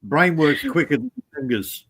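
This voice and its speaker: A man's voice: on the high side, huge pitch swings, a little slow, a bit bright, slightly rough. A man chatting casually and joking around with a live-stream host. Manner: playful, joking, tries other accents. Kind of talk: casual chat.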